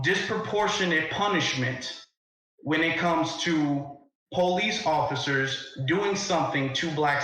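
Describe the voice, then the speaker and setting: A man's voice: on the high side, sharp tone. Insistent man debating in an echoey room. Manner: insistent, pressing questions. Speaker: live stream host. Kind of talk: heated debate.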